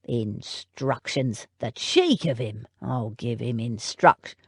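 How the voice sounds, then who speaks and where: A woman playing a gruff, brawl-ready young footman. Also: low voice, big pitch swings, normal speed, no room sound, clean studio sound. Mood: aggrieved. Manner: gruff, scornful, snorting. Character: blunt young male footman, quick to fight.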